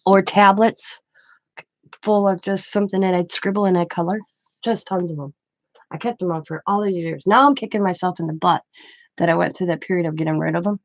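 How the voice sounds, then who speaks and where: A woman's voice: on the low side, fairly even intonation, brisk, no room sound. A middle-aged woman hosting a craft channel, chatting casually and rambling through stories while she works. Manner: rambling, storytelling with restarts.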